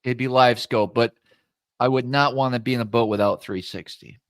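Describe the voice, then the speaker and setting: A fishing guide in a relaxed mood talks at an average pitch and jokes with his friends. His voice sounds close and dry. He keeps turning to the viewers for ideas. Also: moderate pace, no room sound. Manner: laid-back, joking, asks the audience. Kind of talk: casual live show chat.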